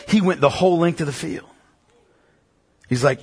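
A man's voice: a little high, brisk, slightly rough. A man preaching a sermon, telling a story with acted-out lines and building to impassioned exhortation. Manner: storytelling, rising to impassioned near-shouting. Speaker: pastor. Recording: reverberant hall.

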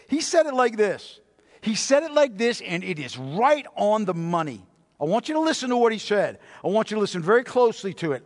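A man preaching a sermon as a pastor, emphatic, repeating phrases and slowing down to stress key words. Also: sits high. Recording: long reverb of a large hall.

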